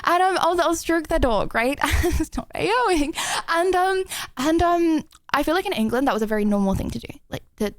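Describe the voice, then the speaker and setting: A woman's voice: high voice, lively intonation, moderate pace, few pauses, dry recording. A young woman streaming live, chatting in a rambling, giggly way full of fillers. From Australia. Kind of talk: casual live-stream chat.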